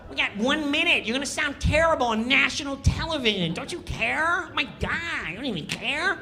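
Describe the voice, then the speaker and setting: Casting: man playing a high, whiny, needling comedy castmate, jittery and nagging. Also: expressive, normal speed, pushed and bright, full character voice.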